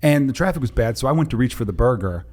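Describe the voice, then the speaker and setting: A man's voice: medium pitch, fast. A man, a comedian guest, telling a comic anecdote with animation and acting out the voices in it. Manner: animated, acts out voices in his stories. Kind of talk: comic storytelling in chat.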